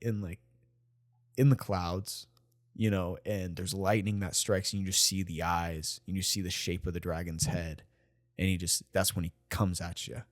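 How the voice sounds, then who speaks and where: A man's voice: sits low, flat delivery, moderate pace. A man co-hosting a movie review podcast, talking enthusiastically with lots of fillers and restarts. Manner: enthusiastic, rambling, many fillers and laughs. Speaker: podcast co-host. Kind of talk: casual movie review chat.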